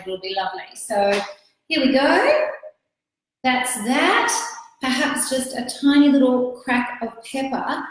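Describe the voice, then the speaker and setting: A woman's voice: medium pitch, a little hiss or hum. An Australian woman hosting a live cooking stream as a cookbook author, chatting casually as she cooks, greeting viewers by name and thinking aloud. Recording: very echoey kitchen room.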